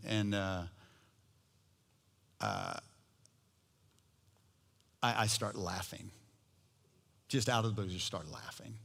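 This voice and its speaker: Pastor preaching in a reverberant hall. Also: male voice, fairly low pitch, fairly bright tone. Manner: storytelling, conversational with humor. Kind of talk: sermon. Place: church sanctuary.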